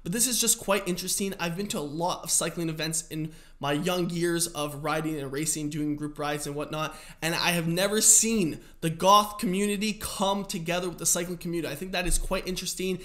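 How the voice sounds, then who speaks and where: A man's voice: a little high, steady tone, brisk, hardly any pauses, fairly bright tone. Chatty man hosting a cycling reaction video. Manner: chatty, amused, explanatory. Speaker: cycling channel host.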